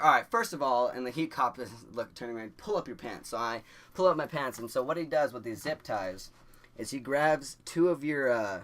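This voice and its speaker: A young man telling a story to camera in a casual, rambling way, full of "like" fillers and restarts. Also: mid-range voice. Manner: animated, laughing through the story. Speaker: vlogger.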